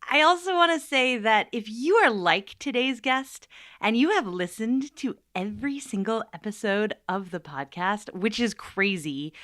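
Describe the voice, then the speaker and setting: A woman hosting a podcast, talking to listeners in a chatty, playful monologue with lively asides. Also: mid-range voice, no echo, studio quality. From United States. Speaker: podcast host.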